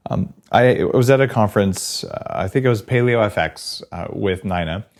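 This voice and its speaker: A man hosting a podcast interview, introducing his guest and telling stories in a quick, excited way. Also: fairly low pitch. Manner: excited, storytelling, quick asides. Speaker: podcast host. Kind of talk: casual interview chat.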